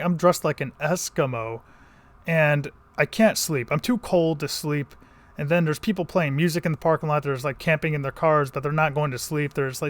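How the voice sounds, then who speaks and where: Guy from connecticut rambling thru a vlog story, kinda high voice, lots of like and restarts. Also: no room sound. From Connecticut countryside. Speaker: vlogger.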